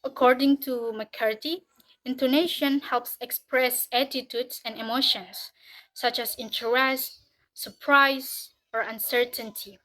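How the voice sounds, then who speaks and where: A woman presenting in class, reading her prepared text in a steady, even way. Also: high voice, measured pace, poor audio. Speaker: student presenter.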